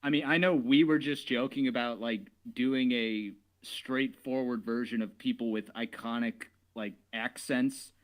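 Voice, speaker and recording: A man co-hosting a casual stream, joking, swearing and slipping into quick impressions. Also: mid-range voice, fairly even intonation, low-quality recording. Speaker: stream guest co-host.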